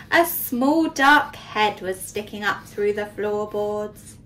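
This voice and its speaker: A nursery teacher reading a storybook aloud to young children, expressive and pausing to ask questions. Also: female voice, mid-range voice, distant mic, low-quality recording.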